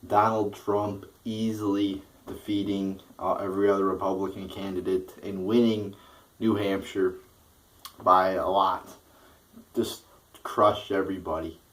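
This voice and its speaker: Deep-voiced man ranting about politics. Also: distant mic, rough recording. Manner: heated, profane, repeats and restarts words. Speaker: political vlogger.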